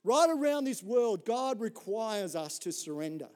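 Speaking a touch slowly, this middle-aged pastor from Australia weaves a story into his sermon in a fairly high voice. His style is lively and conversational, dotted with frequent "right?" checks, and he glides from humor to earnest reflection.

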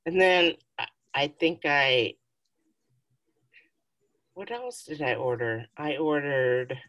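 A woman co-hosts a casual podcast, telling rambling stories full of giggles and plenty of swearing. Her voice is low-pitched and a bit bright, she speaks slowly, and the recording is muffled.

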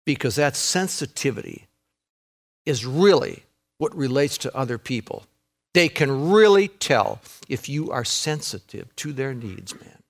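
This pastor preaches in a folksy way, sprinkling in "man" and "folks" and repeating words. His voice sits on the high side and he takes his time, moving between raised, excited stretches and hushed, intense ones.

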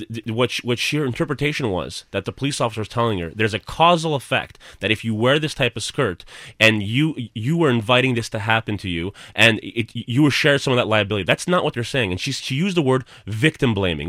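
Fast-talking male legal expert. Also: mid-range voice, a bit bright, dry recording, studio quality. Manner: stammering, insistent. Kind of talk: panel discussion.

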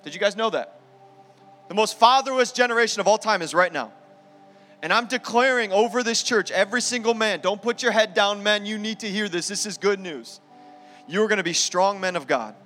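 Male pastor, emphatic sermon delivery, live church hall with long reverb and soft music. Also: high-pitched, brisk. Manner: emphatic preaching, reading scripture aloud with asides.

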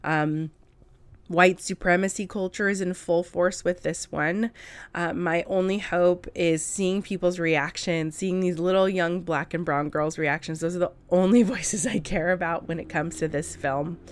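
A woman's voice: on the low side, steady tone, a little slow. A woman vlogger giving blunt, emphatic casual commentary to camera, with laughing asides.

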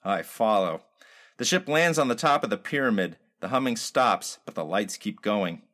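Man, story narrator, wry, deadpan, hard-boiled. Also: lowish voice, moderate pace. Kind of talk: scripted narration of a comic detective story.

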